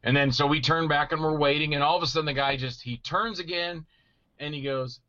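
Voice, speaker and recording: A middle-aged man telling stories in casual chat, animated and acting out voices he quotes. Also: fairly high pitch, a little fast, dry recording, lo-fi sound. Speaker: guest actor telling stories.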